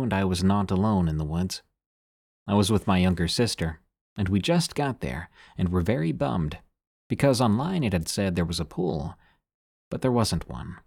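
A man with a low, husky voice narrates scary stories sent in by listeners. His telling is measured and unhurried, and it sinks quieter on the eerie moments. The sound is dry and close, with no room around it. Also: dry recording. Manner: measured storytelling, sinking quieter on eerie lines.

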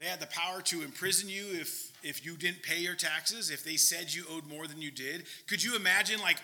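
A man, a pastor, preaching a sermon in an earnest, emphatic way with quick asides. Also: high voice, sharp tone.

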